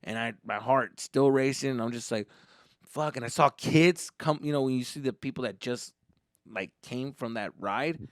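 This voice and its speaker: A male comedian hosting a podcast, telling a comic story in an animated, profane way and acting out quotes. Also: mid-range voice, normal speed, dry recording, studio quality.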